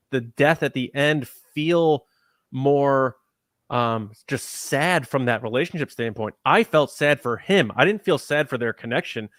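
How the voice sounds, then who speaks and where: Animated man chatting on a podcast. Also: medium pitch, no room sound, studio quality. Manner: animated, jokey storytelling with quoted asides. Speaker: podcast host. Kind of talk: casual review chat.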